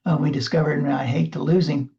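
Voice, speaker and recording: A man co-hosting a podcast, talking in an earnest, measured way with "uh" fillers as he reflects on an interview. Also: a little high, fairly even intonation, warm tone, dull audio. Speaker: podcast co-host. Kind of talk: casual podcast recap chat.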